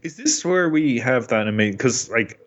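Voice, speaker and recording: A man co-hosting a podcast in casual chat, enthusiastic and quick to laugh. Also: mid-range voice. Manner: enthusiastic, laughs often, animated when quoting. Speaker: podcast co-host.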